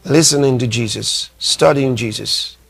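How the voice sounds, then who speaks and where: A man preaching a sermon, emphatic, repeating his phrases and reading scripture slowly. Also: medium pitch, vocal fry, a bit bright, breathy edge. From Nigeria. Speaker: pastor.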